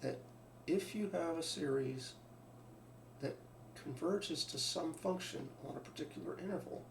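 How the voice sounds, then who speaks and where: Gravelly-voiced man lecturing in a roomy space. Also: on the high side, a little slow. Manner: thinking aloud, restarts, asks rhetorical questions. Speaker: math teacher. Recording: roomy sound from a distant mic, faint background hum.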